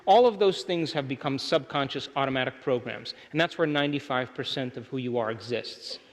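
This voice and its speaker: A man's voice: medium pitch, a little fast. Man lecturing in a reverberant hall. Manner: keeps checking in with the audience. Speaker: seminar speaker. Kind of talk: motivational seminar lecture. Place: large lecture hall with a live audience.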